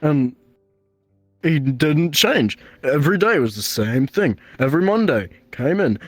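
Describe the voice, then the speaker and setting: A man's voice: fairly high pitch, sing-song, measured pace, dry recording, faint music behind. A young man co-hosting a podcast, telling a rambling story in casual chat and often stumbling over his words. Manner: rambling, stammers and repeats words. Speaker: podcast co-host.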